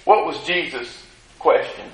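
A man preaching a sermon in a church, his voice climbing high and loud as he retells scripture dialogue. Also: unhurried, echoey room, low-quality recording. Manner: fervent, rises high and loud in retold dialogue.

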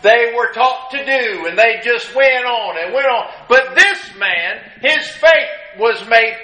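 Male preacher, sermon, slow and bright, emphatic, echoey room. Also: very high-pitched, animated. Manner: emphatic, reads scripture in old-fashioned phrasing.

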